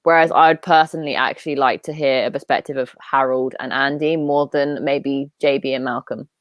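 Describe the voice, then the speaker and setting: Welsh woman, low voice, opinionated, casual book talk, dry. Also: fairly even intonation, normal speed, no echo. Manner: opinionated, thoughtful. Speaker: book club co-host.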